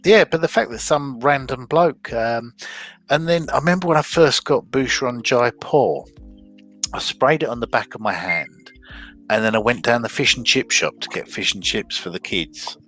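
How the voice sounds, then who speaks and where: A man's voice: medium pitch, moderate pace, a bit bright, faint music behind. A middle-aged man, chatting casually as a co-host, rambling with many restarts and fillers. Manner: rambling, lots of restarts and ums. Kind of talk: casual chat.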